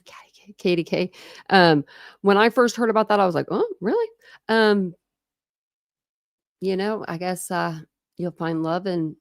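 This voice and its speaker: Recorded with clean studio sound and no room ambience, a woman from Ohio, USA talks in a mid-range voice on her informal true crime stream. She rambles, laughs a lot and responds to comments from chat.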